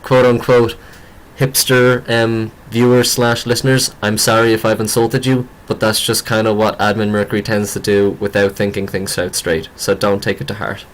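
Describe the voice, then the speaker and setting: A man's voice: lowish voice, level tone, normal speed, slight background noise, poor audio. A man hosting a casual fan podcast chat, joking around and often stumbling over his words. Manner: stammering, joking, restarts often. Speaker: podcast host.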